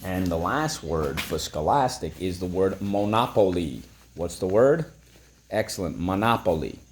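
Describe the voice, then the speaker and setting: A man's voice: low-pitched, animated, a little slow, a little hiss or hum. A man teaching a phonics lesson, breaking words into syllables and prompting listeners to repeat.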